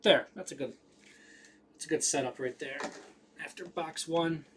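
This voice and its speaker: A man's voice: fairly high pitch, normal speed, slight background noise. A man hosting a live card break, rattling off names with casual running commentary.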